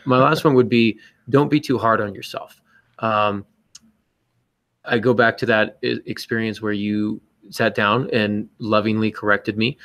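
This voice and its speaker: Low gravelly guy on a podcast, earnest and self-deprecating, lots of ums, dry close mic. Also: a bit bright, no room sound. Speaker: podcast co-host. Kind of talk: casual podcast chat giving writing advice.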